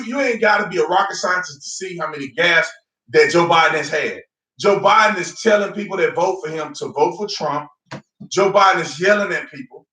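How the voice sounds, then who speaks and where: A man's voice: high voice, bright, forceful tone. A man giving mocking, fired-up political commentary in casual slang. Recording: echoey room, distant mic.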